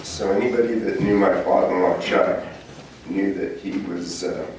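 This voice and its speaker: Son-in-law eulogist in his sixties, low voice, funny storyteller, recorded from afar in a reverberant hall. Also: steady tone, moderate pace, background noise. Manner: humorous storytelling. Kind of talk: memorial eulogy. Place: memorial service hall. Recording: echoey hall from far off.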